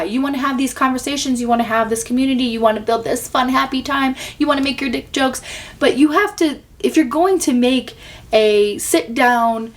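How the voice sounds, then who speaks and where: A woman hosting a reaction commentary in a casual, sarcastic tone, swearing often. Her voice sits a little high. She sounds thoroughly fed up. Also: a little fast. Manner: exasperated, profane, sarcastic. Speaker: commentary video host.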